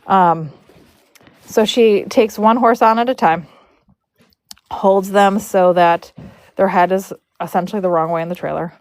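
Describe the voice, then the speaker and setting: A woman's voice: mid-range voice, fairly even intonation, a little slow, long pauses, darkish tone, no echo. A woman from Michigan, a horse braider, chatting and telling a story casually on a livestream, retelling conversations with animation.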